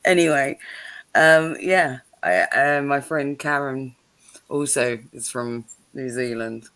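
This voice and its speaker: A woman with a clipped London accent, chatting on her livestream. Her voice is bright and lively. She swears freely and laughs often as she talks. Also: rumbling low, slow pace. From London, England. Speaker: livestream host. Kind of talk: casual chat. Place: home, livestream.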